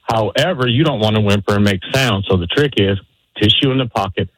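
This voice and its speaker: Folksy male radio caller, low voice. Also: fairly quick, breathy edge, no echo, low-quality recording. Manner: folksy, giving friendly advice.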